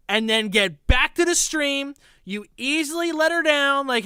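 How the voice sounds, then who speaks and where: A woman's voice: on the high side, a little slow, bright, forceful tone, clean tone, no echo, studio quality. A woman streaming, reacting to a clip in a sarcastic, exasperated, mocking way. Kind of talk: casual reaction commentary.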